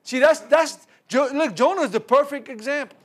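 A man's voice: extremely high pitch, normal speed. A man preaching a sermon, retelling a Bible story with laughter, stumbles and repeated words. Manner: animated storytelling with laughs and repetitions.

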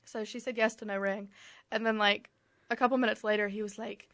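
A woman's voice: mid-range voice, flat delivery, brisk, a bit bright, no room sound. A young woman co-hosting a podcast, telling stories in a rambling, giggly casual chat. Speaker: podcast co-host.

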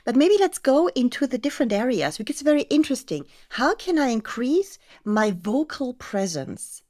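A woman's voice: sits high, big pitch swings, normal speed, darkish tone. A woman hosting a podcast interview, asking earnest, thoughtful questions in slightly non-native phrasing. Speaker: podcast host.

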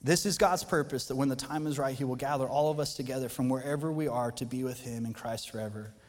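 A man preaching a sermon as pastor, talking in a conversational, animated way that builds to impassioned emphasis. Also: medium pitch, fast talker, big-room sound. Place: church auditorium.

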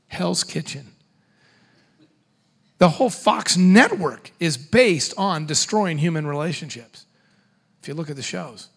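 A middle-aged man giving a humorous seminar talk to parents, animated and quick with joking asides. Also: sits high, husky.

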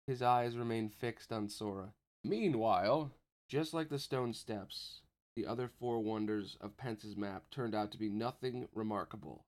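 A man reading a story aloud in steady, scripted narration. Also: fairly low pitch, measured pace. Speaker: audiobook narrator.

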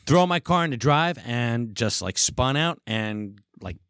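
A man in his forties telling a story in casual chat, animated and profane, acting out the voices of the people in it. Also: medium pitch, a little slow, smooth, no room sound, studio quality. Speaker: podcast guest.

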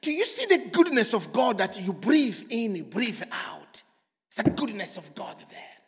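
A preacher from Congo, preaching emphatically and swinging from loud to hushed. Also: male voice, sits high, sing-song, measured pace, vocal fry. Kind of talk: sermon. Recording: long hall reverb.

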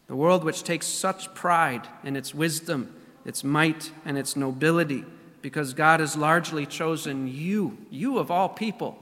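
A man with a somewhat high voice delivers a sermon as pastor. He speaks deliberately, repeating key phrases and drawing out his emphasis. His voice rings with the long reverb of a church hall. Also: fairly bright tone. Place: church sanctuary.

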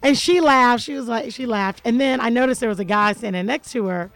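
Woman radio host, playful and joking, higher voice, dry close studio sound. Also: a little fast, a bit bright, no echo, poor audio. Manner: playful, joking, laughs often. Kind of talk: casual radio chat.

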